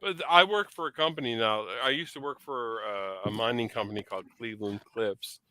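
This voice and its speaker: A man's voice: medium pitch, fairly quick, pushed and bright, no room sound. A drunk man from Newfoundland co-hosting a podcast, rambling and swearing with frequent laughs. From Newfoundland, Canada. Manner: rambling, profane, laughs often. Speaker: podcast co-host. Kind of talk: casual podcast chat.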